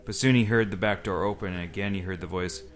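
A man's voice: sits low, fairly even intonation, fast. Man reading a spooky story to friends. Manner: reads aloud with asides and laughs. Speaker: podcast host. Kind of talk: casual storytelling among friends.

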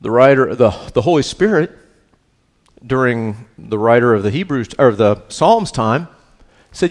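A male pastor teaching scripture to his congregation in a loose, conversational way. He peppers his points with quick check-ins and shifts between low, earnest stretches and lively bursts. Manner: questioning, checks in with "right?"; swings between hushed and animated. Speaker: pastor teaching a Bible study. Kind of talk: conversational sermon.

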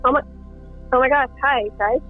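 A woman's voice: sits high, moderate pace, over music. Giggly woman on a tinny phone line. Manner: giggly, excitable. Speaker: phone-in caller.

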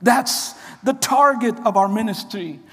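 An emphatic preacher delivers a sermon at a deliberate, unhurried pace. Key phrases come back again and again as the speaker urges the listeners on. The voice carries a long, ringing reverb from a large hall. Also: medium pitch.

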